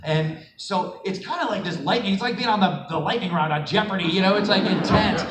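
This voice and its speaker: A man's voice: high voice, brisk. A middle-aged man answering fan questions at a convention panel, laughing and acting out the people in his stories. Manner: animated, laughing, acts out quotes. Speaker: panel guest voice actor. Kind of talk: convention Q&A storytelling. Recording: echoey hall recorded from far off on a phone, noisy.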